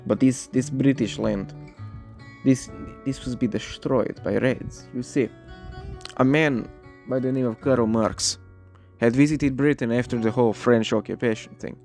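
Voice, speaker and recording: A man voicing a zealous male Russian imperial theocrat in a put-on Russian accent, grave and slow-spoken. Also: mid-range voice, fairly even intonation, creaky, a little mellow, faint music behind. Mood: solemn. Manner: solemn, menacing declamation. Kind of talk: role-play character monologue.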